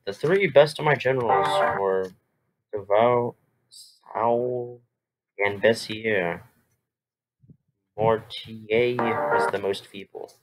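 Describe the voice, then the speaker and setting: A haughty French emperor, as a man puts him on with a shaky French accent, passes slow, deliberate judgement on his generals. The voice sits low, and soft music plays faintly behind. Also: rough recording. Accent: put-on French accent. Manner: slow, deliberate, self-consciously clumsy impression.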